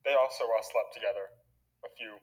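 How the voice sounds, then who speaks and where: A man's voice: lowish voice, fairly quick, rough recording. A man hosting a casual podcast chat, retelling a film scene by scene and acting out its characters' lines. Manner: animated, acts out movie characters' lines. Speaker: podcast host.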